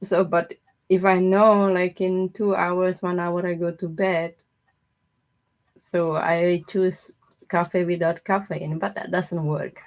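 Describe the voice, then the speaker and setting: A woman's voice: fairly low pitch, level tone, slow pace. A woman hosting a tarot live stream. She chats casually with viewers, telling everyday stories in broken English and answering people by name. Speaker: tarot reader host.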